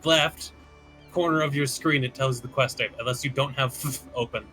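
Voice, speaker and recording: A man chatting casually over a game, explaining details helpfully in a bright, crisp voice. Faint music plays behind him. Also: mid-range voice, fairly even intonation, moderate pace. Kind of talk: casual gaming chat.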